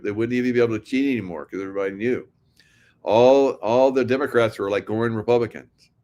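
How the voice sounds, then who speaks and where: Male host, low voice, sardonic rambling monologue with frequent chuckles. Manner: sardonic, laughs often, rambling restarts. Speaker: political commentary host. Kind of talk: casual monologue to viewers.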